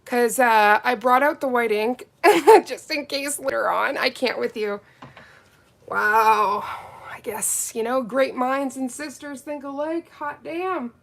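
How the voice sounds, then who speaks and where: Woman, excitable beauty streamer, slightly high voice, gushy and chatty. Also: unhurried, hardly any pauses. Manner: gushing, gasping, breathy exclamations, greets viewers. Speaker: nail product reviewer on a live stream. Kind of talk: excited live unboxing chat.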